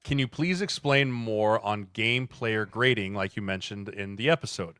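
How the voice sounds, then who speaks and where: A man's voice: lowish voice, normal speed, fairly bright tone, clear, resonant tone, no echo, studio quality. A man co-hosting a football podcast, reading viewer questions and plugging the channel in easygoing casual chat.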